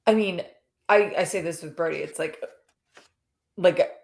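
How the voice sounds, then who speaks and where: A woman's voice: lowish voice, unhurried, gravelly, darkish tone. A woman co-hosting a podcast, chatting casually about a reality show, laughing often and filling her talk with "like.". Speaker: podcast co-host.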